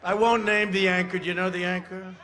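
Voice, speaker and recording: A man's voice: high voice, little pitch movement, a little fast, bright, forceful tone, some chatter behind, a little hiss or hum. An older man in his seventies giving a rally speech at a podium mic, rambling with sarcastic asides and repeated phrases. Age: 70s. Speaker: political speaker at a rally. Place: outdoor rally.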